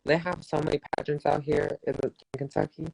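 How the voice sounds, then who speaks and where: A talk show co-host chatting casually, responding quickly and restarting phrases while thinking. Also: medium pitch, little pitch movement, vocal fry, darkish tone, breathy edge, dry recording, low-quality recording. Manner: conversational, quick backchannels, restarts when thinking. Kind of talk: casual chat.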